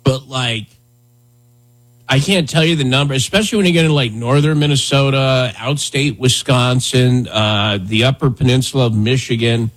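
A man's voice: medium pitch, moderate pace. A man hosting a casual talk show, rambling with many fillers and restarts. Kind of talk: casual talk radio chat.

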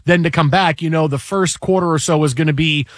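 A man's voice: a little high, brisk, no room sound, clean studio sound. A man hosting a casual sports talk show, rambling and repeating himself as he talks games.

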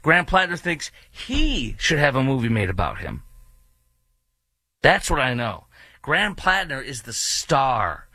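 A man's voice: medium pitch, wildly swooping pitch, unhurried, sharp tone, slightly rough, no echo. A man hosting a talk radio show, ranting indignantly with sarcastic asides. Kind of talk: opinionated radio commentary.

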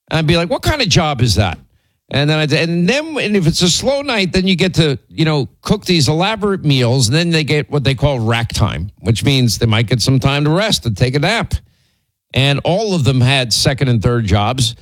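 A man's voice: fairly high pitch, big pitch swings, moderate pace, no room sound, rough recording. A man hosting a talk show, telling rambling stories and teasing his co-host, with many restarts and fillers. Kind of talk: casual on-air storytelling.

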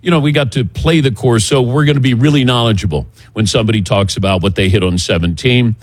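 A middle-aged man hosting a sports radio show outdoors, talking in a relaxed, chatty way and running through the show's rundown. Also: mid-range voice, quick pace, dry recording. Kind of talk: casual morning show talk. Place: outdoors by a golf driving range.

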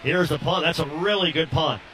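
High-voiced man calling football play-by-play. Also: noisy background. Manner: rapid, rising to shouts on big plays. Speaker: play-by-play announcer.

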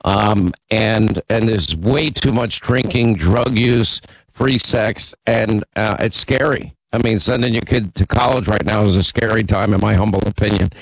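Gravelly, husky talk radio host man. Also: on the low side, measured pace, no echo, rough recording. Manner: conversational, teasing, opinionated. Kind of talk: talk radio, taking calls.

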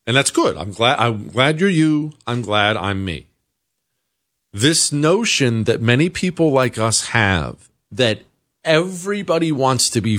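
An American man holds forth in an opinionated talk-show monologue. His voice is mid-pitched and swings widely in pitch. He pushes his points with emphatic rhetorical questions. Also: a bit bright. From United States. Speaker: political talk show host.

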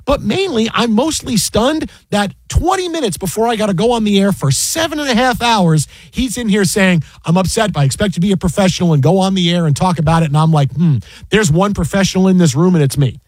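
A man who works as a sports broadcaster, telling an animated anecdote with many restarts and an incredulous tone. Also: sits high, fast talker, slightly rough, no echo.

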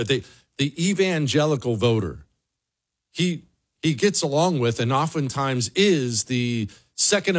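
A male host delivering a scornful political monologue with a lively, rising-and-falling voice. His pitch sits in a middle range, and he leans hard on his points with sarcasm. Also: breathy edge. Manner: sarcastic, emphatic, mocking. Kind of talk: opinionated monologue.

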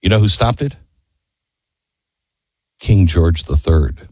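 Emphatic male storyteller, animated pitch. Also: takes it slowly, husky, no room sound. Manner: emphatic storytelling, with quoted voices and rhetorical questions. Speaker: speaker. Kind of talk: impassioned history talk.

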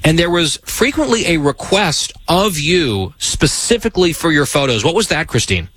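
A man's voice: on the high side, very animated, normal speed, a bit bright, breathy edge, no echo. A man hosting a show, teasing his producer with wry humor in casual chat. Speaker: show host.

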